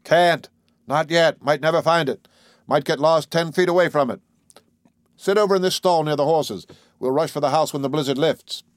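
A man's voice: on the high side, normal speed, no room sound, studio quality, pitched above the performer's own voice, natural voice. Man doing a terse country doctor. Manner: clipped, terse, matter-of-fact. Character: blunt, fearless country doctor husband.

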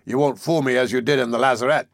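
A domineering sea captain, voiced by a male audiobook reader, speaks with sneering menace in a raised, carrying voice. The recording is dry and close. The threats come slow and deliberate. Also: medium pitch, steady tone, no echo, natural voice. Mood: threatening. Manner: threatening, sardonic. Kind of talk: audiobook character voice.

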